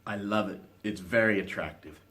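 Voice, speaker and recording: A man's voice: on the low side, moderate pace, a bit bright, lightly acted. A man reading aloud and voicing a cheerful, teasing young woman in a storybook. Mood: playful.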